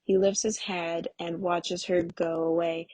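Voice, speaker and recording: A woman reading a stage play aloud, giving the stage directions in a plain, even way. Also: on the low side, a little slow, no echo, low-quality recording. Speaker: audiobook reader.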